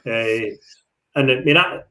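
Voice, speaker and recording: A man's voice: mid-range voice, measured pace, bright, forceful tone. A man co-hosting a casual live chat show, playful, rambling and self-mocking.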